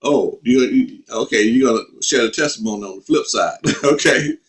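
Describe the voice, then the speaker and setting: A man's voice: mid-range voice, moderate pace. A man hosting a live session, upbeat and encouraging, laughing as he talks with the audience. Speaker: host.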